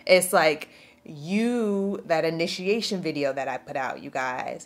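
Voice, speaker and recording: A woman with a low voice gives a spiritual tarot reading to camera, speaking a little slowly. Tearful, she preaches in an emphatic, slangy way and reads aloud from a card book.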